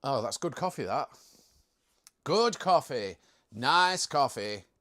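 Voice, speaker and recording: A man's voice: mid-range voice, lively intonation, slow, sharp tone. A young man hosting a casual live stream, chatting in a jokey way and reading out viewer comments.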